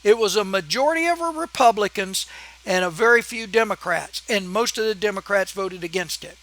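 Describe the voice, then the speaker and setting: A man's voice: high-pitched, expressive, normal speed, fairly bright tone. A man hosting his own channel, delivering a heated, emphatic political rant and scolding his critics. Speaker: channel host. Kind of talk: ranting political vlog monologue.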